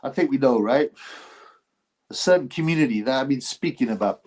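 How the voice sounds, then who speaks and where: A middle-aged man from England hosting a casual livestream, reading viewer comments in a rambling, animated way with frequent restarts. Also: mid-range voice, fairly quick. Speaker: livestream host.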